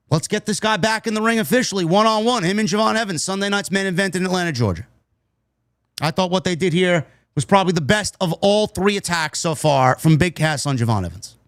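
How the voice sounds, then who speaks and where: A man reviews a wrestling show casually and ramblingly, his fairly high, somewhat bright voice captured in a dry, clean studio recording. He swears freely, gets nostalgic, and drifts off into tangents.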